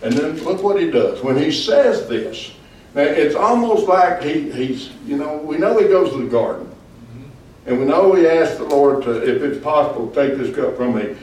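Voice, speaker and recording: A man's voice: on the high side, animated, moderate pace, darkish tone, a little hiss or hum. A man, a pastor leading a Bible study, preaching emphatically and calling out for the group to answer "Amen?". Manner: emphatic, calls for "Amen?" replies. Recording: echoey room, far from mic.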